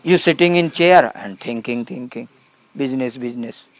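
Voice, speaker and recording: A man giving a spiritual talk to a gathering in simple, broken English, calmly repeating short phrases. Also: medium pitch, moderate pace, no room sound. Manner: calm, emphatic contrasts. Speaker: spiritual teacher.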